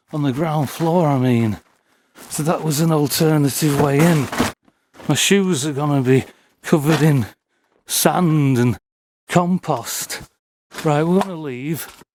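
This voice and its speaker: Out of breath, a male vlogger talks slowly to his handheld camera in a slightly high, darkish voice as he explores a derelict building with a cellar and broken glass. Holding a torch, he mutters wry asides in casual running commentary, with slight background noise.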